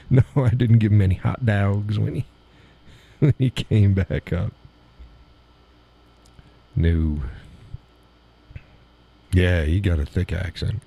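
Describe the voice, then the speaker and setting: A man hosting a live stream and chatting loosely as he reads out viewers' comments. His voice sits low with a dark, mellow color and a husky grain. He rambles and chuckles often. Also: slow, long pauses. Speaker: live show host. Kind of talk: casual chat reading audience chat.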